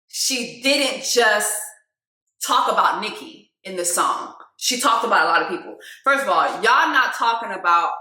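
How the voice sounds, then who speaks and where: A woman giving loud, animated casual commentary on a song, laughing often and jumping between low asides and high exclamations. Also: normal speed, reverberant. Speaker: video host reacting to a song.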